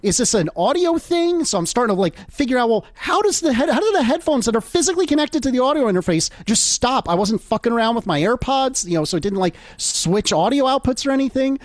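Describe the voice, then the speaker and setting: A man's voice: very high-pitched, big pitch swings, fast, hardly any pauses, no room sound. A man co-hosting a casual podcast, flustered and apologetic, swearing often as he talks. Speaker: podcast co-host.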